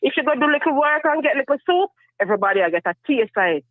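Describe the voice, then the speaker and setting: A woman with a Jamaican accent calling in, telling a story in lively patois. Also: high-pitched, rapid-fire, no echo. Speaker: caller. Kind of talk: casual chat. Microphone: phone. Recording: tinny dry phone line.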